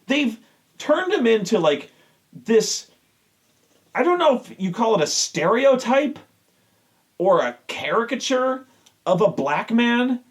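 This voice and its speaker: A man's voice: very high voice, big pitch swings, slow pace, pauses often. A man hosting a show, ranting with exasperation and heavy swearing. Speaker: show host. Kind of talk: profane rant.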